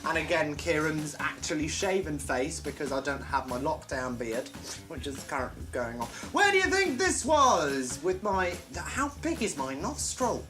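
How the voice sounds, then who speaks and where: A man's voice: a little high, moderate pace, over music. A man hosting a live comedy stream, chatting playfully and joking at his own expense while reading viewer comments. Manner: playful, self-mocking, animated, jokes at his own expense. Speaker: host of a live comedy show.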